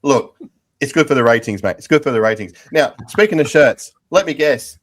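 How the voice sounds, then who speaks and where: Fast-talking jokey male podcast host. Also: mid-range voice, animated. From England. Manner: jokey, rambling, self-mocking. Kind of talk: casual football chat.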